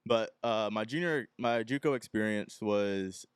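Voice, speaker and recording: Low, smooth young man telling a story. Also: measured pace, dry recording. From Texas. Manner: rambling anecdote, acting out the people he quotes. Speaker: podcast host. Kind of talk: casual solo podcast storytelling.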